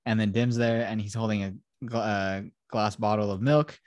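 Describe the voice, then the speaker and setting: A man's voice: fairly low pitch, fairly even intonation, normal speed, darkish tone, no room sound. A young man hosting a podcast, rambling and swearing as he retells a film plot in casual chat. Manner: profane, rambling storyteller. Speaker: podcast host.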